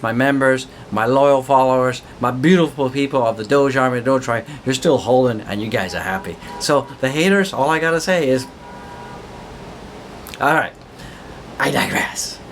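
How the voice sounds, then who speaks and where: A man hosting a crypto channel, excitedly talking through market charts, whooping and riffing with repeated words. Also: medium pitch, normal speed, a little hiss or hum. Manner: repetitive, riffing wordplay. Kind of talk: hyped market commentary vlog.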